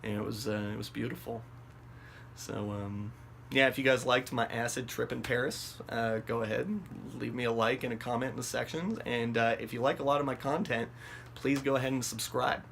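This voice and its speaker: A man's voice: mid-range voice, normal speed, vocal fry, a little hiss or hum. A man telling a wild story in a loose, rambling way, swearing often and piling up fillers. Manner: rambling and profane, many fillers and restarts; animated, voice jumps up when acting out his own panic. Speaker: vlog host telling a story. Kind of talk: casual storytelling.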